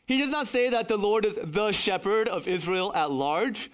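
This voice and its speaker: Lively, high-voiced male preacher. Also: moderate pace. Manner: earnest, emphatic preaching with wry asides. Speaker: pastor. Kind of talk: sermon.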